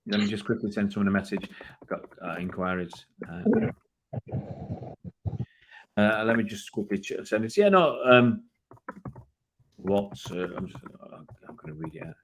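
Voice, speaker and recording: A man's voice: lowish voice, very animated, moderate pace, pauses often, slight background noise. A middle-aged man from England co-hosting a casual chat, rambling through jokey anecdotes with many restarts. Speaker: co-host.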